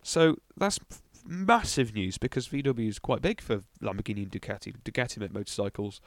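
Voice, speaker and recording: A man's voice: lowish voice, lively intonation, a little fast, dry recording. A young man hosting a casual car news podcast, rambling with ums and little asides. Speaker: podcast host.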